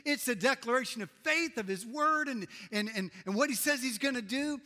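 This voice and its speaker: A middle-aged male pastor preaching a sermon in a church, swinging from loud emphasis to hushed tones. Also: very high-pitched, lively intonation, moderate pace, hardly any pauses. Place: church sanctuary. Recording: reverberant hall.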